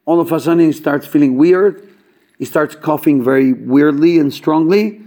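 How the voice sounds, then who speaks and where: Man, casual storyteller, slightly high voice, filler-heavy, acts out dialogue. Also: moderate pace. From Chabad yeshiva student background. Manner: animated, acts out quoted dialogue, many fillers. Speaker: storyteller at a gathering.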